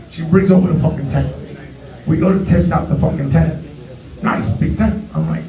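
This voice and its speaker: A man in his forties with a New York Bronx accent, telling a profane, excitable stand-up story that keeps jumping into high yelps. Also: moderate pace, roomy sound, distant mic, low-quality recording. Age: 40s. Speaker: stand-up comedian.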